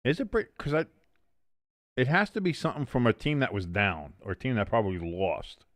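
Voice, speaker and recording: A man's voice: mid-range voice, lively intonation, fairly quick, no echo, studio quality. A young man hosting a casual live watch-along of a football game, rambling, self-mocking and swearing freely as he calls plays.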